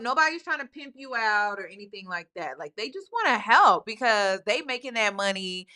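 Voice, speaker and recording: A woman host giving casual commentary on a video, animated and emphatic, repeating lines for effect, with speech. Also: mid-range voice, normal speed, hardly any pauses.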